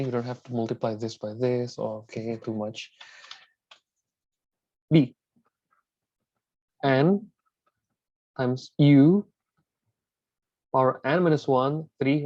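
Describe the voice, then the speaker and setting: A man's voice: mid-range voice, warm tone, dry recording, highs cut off. A man teaching a math lesson, working through the examples step by step, often repeating words and asking "right?" after each step.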